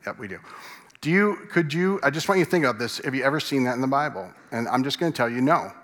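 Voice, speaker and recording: A man's voice: medium pitch, expressive, quick pace, fairly bright tone. A man preaching a sermon as a pastor, conversational and asking the congregation questions. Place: church sanctuary. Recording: long reverb in a large hall.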